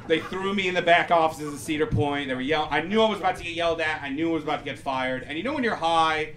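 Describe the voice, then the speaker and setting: A man telling a loose, rambling stand-up story on stage, breaking into loud punchlines. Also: fairly high pitch, background noise. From Persian heritage. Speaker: stand-up comedian. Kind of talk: stand-up comedy set. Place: comedy club before a live audience. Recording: live club audience laughter.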